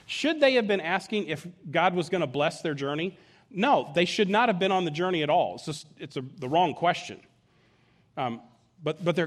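A male pastor preaching a sermon, explaining scripture with folksy asides and chuckles. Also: high voice.

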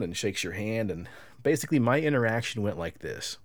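A man co-hosting a casual podcast, telling a story with lively quoted voices, swearing and laughing. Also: medium pitch, a little fast. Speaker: podcast co-host.

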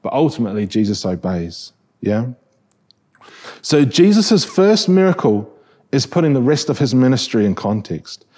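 Mellow husky New Zealand preacher. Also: male voice, mid-range voice, very animated, normal speed. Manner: conversational, restarting phrases, rhetorical questions. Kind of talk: sermon.

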